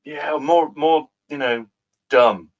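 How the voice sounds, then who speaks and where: A man's voice: a little high, slow pace, highs cut off. Hesitant man in comic banter. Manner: hesitant, full of ums, laughs easily. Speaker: comedy show co-host. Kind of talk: casual comedic banter.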